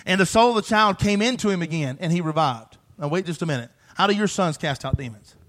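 Fervent high-voiced man preaching a sermon. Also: lively intonation, fast. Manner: preaches with rising, shouted emphasis and repeated phrases; reads scripture aloud and asks the congregation questions.

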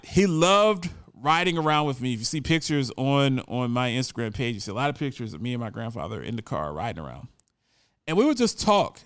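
A man's voice: mid-range voice, expressive, moderate pace, fairly bright tone, clear, resonant tone, dry recording, studio quality. A man in his forties telling a personal story in a casual, earnest and reflective way, often repeating words as he goes. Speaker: storyteller remembering his grandfather.

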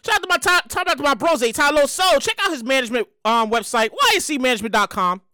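A woman hosts her own podcast in a loose solo monologue, her voice riding very high with lively, swooping pitch. She sounds bright and punchy, hyped and profane, rambling and repeating herself. The sound is close and dry. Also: quick pace, no room sound. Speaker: podcast host.

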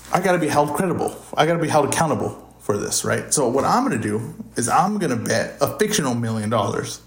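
Casual male host, offhand and thinking aloud, trips over names; echoey room. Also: mid-range voice. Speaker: podcast host. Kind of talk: casual fight predictions. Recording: roomy echo.

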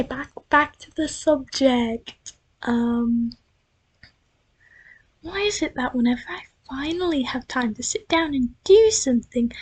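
A woman's voice: high voice, breathy edge. A young American woman with a slight drifting British-sounding accent, rambling casually into her computer's built-in mic at home, chatty and self-deprecating with many restarts. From United States. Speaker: vlogger. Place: at home at night. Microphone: built-in computer microphone.

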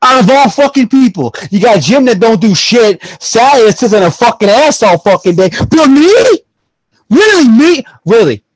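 A man acting out a furious worker who has just been fired, shouting and cursing in indignation. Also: very high voice, sing-song, normal speed, no room sound, voice pushed up, full character voice, low-quality recording.

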